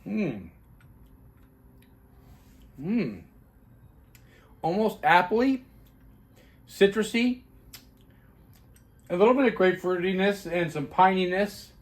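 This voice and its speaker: A man's voice: high-pitched, animated, takes it slowly, long pauses. A man reviewing his own homebrewed beer in a casual chatty video, rambling with fillers and restarts.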